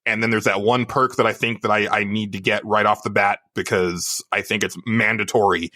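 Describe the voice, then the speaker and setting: Bright, forward male co-host from Texas, chatty and rambling, dry close sound. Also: lowish voice, steady tone, no echo. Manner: rambling, many "like" fillers, quick bursts. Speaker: podcast co-host. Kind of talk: casual chat, reading listener messages. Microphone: video call.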